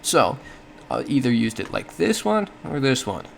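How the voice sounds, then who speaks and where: A man's voice: mid-range voice, very animated, moderate pace, vocal fry, slight background noise. A man giving a casual explanatory monologue, thinking aloud with frequent self-corrections and small laughs. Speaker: solo podcast host.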